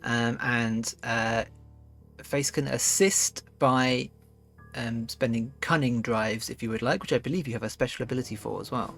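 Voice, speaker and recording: Brief: male game master, mid-pitched, halting delivery with faint music underneath. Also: fairly even intonation, vocal fry, fairly bright tone. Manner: hesitant, many fillers, checks the rulebook. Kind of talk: tabletop game narration and rules talk.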